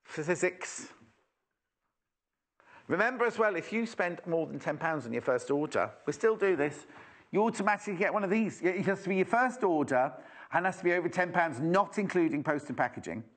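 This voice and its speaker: A British man with a slightly high-pitched voice presents products on live shopping television. His delivery is chatty and enthusiastic, full of rambling asides. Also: lively intonation, normal speed.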